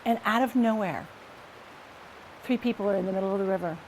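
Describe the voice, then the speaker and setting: A woman's voice: medium pitch, brisk, a little hiss or hum. A woman urgently narrating a flood rescue in the present tense, in a documentary interview. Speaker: neighbor.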